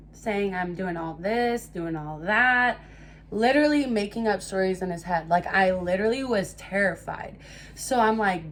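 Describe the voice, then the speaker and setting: A young woman telling a casual storytime to her viewers, animated and swearing freely. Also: mid-range voice, slight background noise. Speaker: storytime vlogger.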